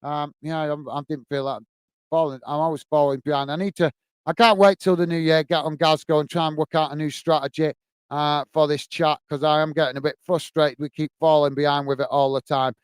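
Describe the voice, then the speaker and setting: During a live football watch-along, a male livestream host reads chat messages out loud and chats back casually and warmly. His voice is fairly high and smooth, with little pitch movement, and he talks a little fast. No room sound is present.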